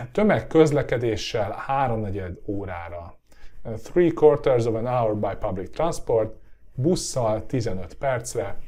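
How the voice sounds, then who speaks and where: A man with a Hungarian accent, a native Hungarian speaker, teaching a language lesson in a slightly hoarse, tiring voice, often checking in with a rising "yeah?" and filling pauses with "uh". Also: mid-range voice, dark tone. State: voice getting hoarse.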